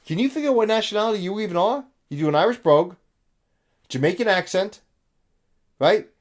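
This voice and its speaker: A man's voice: sits high, animated, brisk. A middle-aged man giving blunt, profane reaction commentary in a lecturing tone.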